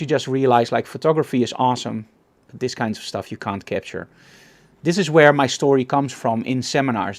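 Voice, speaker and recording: A man with a Dutch accent giving a live photography presentation, enthusiastic and repeating words for emphasis. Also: mid-range voice. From Netherlands.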